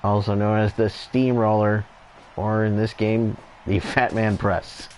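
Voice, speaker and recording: Low-voiced man calling wrestling game. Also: a little slow, slight background noise. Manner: relaxed, chatty, laughs and goes off on tangents. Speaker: play-by-play commentator. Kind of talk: casual wrestling game commentary.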